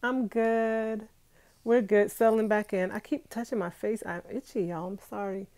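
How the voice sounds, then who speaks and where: Gravelly woman in her 30s chatting to viewers on a livestream, mellow low voice, laughs a lot. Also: fairly even intonation, moderate pace. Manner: chatty, talks straight to viewers, laughs often. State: itchy nose from allergies. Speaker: vlogger hosting a live stream. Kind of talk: casual live stream chat. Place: bedroom at home.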